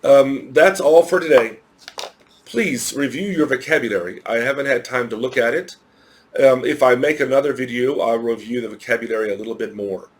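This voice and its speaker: A man's voice: medium pitch, moderate pace. A man teaching English to children in a recorded lesson, explaining patiently with repeated examples.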